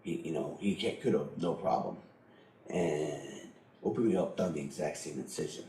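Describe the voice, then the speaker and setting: A man's voice: rumbling low, moderate pace, dark tone, echoey room, slight background noise, rough recording. A middle-aged man telling a personal story in a blunt, profane way, laughing often as he goes. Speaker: interviewee.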